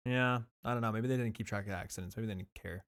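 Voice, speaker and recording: A man co-hosting a podcast in an easygoing, casual chat. He talks in a relaxed way, with frequent filler words and loose phrasing. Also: fairly low pitch, fast talker, clear, resonant tone. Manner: relaxed, filler-heavy with lots of "like". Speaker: podcast co-host.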